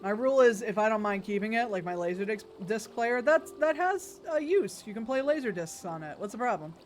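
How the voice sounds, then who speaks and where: A woman's voice: on the high side, expressive, fairly quick, slight background noise. A woman chatting casually to her stream chat while playing a video game, rambling and joking. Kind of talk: casual gaming stream commentary.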